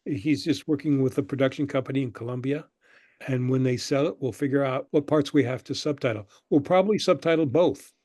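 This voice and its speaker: An older man, a guest on an interview show, telling relaxed stories about his past and acting out the people he quotes. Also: mid-range voice, fairly quick, no echo, studio quality. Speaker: guest, screenwriter and professor. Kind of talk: conversational interview storytelling.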